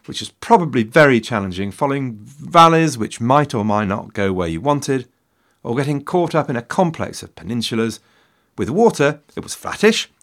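A man giving scripted history narration, with a wry, dry humor and self-deprecating asides. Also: medium pitch. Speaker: history podcast host.

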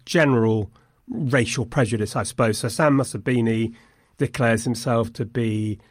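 A man talking through a film in a thoughtful, measured way, with dry humour. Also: medium pitch, fairly even intonation, dry recording. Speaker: podcast film reviewer. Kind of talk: conversational film discussion.

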